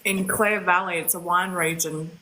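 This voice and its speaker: A woman's voice: fairly low pitch, fairly even intonation, moderate pace, bright, forceful tone, slight background noise, poor audio. A woman, chatting casually on a live stream with dry humor. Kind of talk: casual chat.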